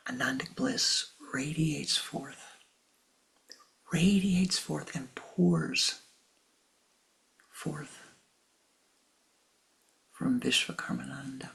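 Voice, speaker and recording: A woman spiritual teacher telling a story in a sermon, hushed and dramatic, often sliding into a whisper. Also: sits low, gravelly.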